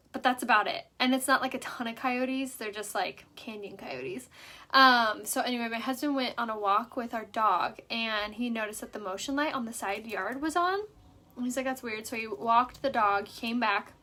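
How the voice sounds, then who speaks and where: A young woman from San Diego, California, hosts a casual makeup livestream at home in a slightly high, bright, forceful voice. She rambles chattily, filling her talk with "like."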